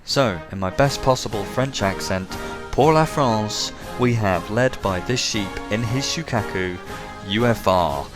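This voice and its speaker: A game commentator and show host, this English man has a low voice and talks through a replay at a measured pace, barely pausing. His tone is chatty and sprinkled with joking asides, and music plays clearly beneath him all along.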